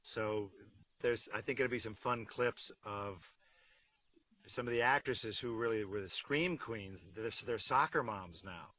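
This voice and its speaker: Rich: a wry middle-aged man telling behind-the-scenes stories. His voice is fairly low but crisp and bright, with a dry, joking delivery and deadpan asides. Now and then he drops into silly voices. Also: unhurried, no echo, poor audio. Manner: acts out silly voices mid-story. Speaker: actor.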